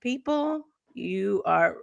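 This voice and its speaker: A woman's voice: mid-range voice, animated, extremely slow, gravelly. A woman co-hosting a casual morning talk show over a video call. She tells a long personal story, laughs often and acts out the other people in it. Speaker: co-host.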